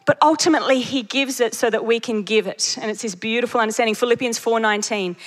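A woman preacher delivering a sermon, telling stories with lively energy and laughing at her own jokes. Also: fairly high pitch, fast talker. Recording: long reverb of a large hall.

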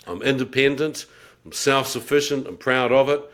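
Speaking at a moderate pace in a mid-range, fairly bright voice, a middle-aged man shares his conversion story as a guest. The personal testimony is vivid and wry, with him laughing at himself and acting out what he was thinking.

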